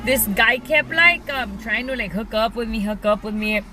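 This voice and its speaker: A woman's voice: on the high side, moderate pace, bright, forceful tone, slight background noise, low-quality recording. A young woman casually telling a personal story to her viewers, chatty and full of "like" and "you guys". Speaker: vlogger.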